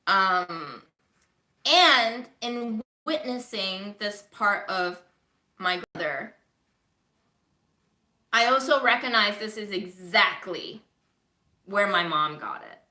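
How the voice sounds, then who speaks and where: A woman's voice: medium pitch, lively intonation, slow pace, long pauses, bright, forceful tone, reverberant. A woman recovering from covid, chatting candidly to viewers on a home livestream, swearing casually. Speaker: livestreaming vlogger.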